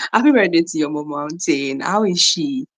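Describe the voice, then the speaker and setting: Unhurried and very animated, a young woman from Nigeria chats live with viewers on a relaxed morning stream, calling out their names and frequently repeating herself. Her voice is deep, with slight background noise behind it.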